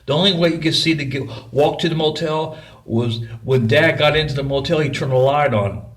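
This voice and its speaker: A man's voice: on the high side, a little fast. A middle-aged man telling a personal story in a folksy, rambling way. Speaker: vlogger.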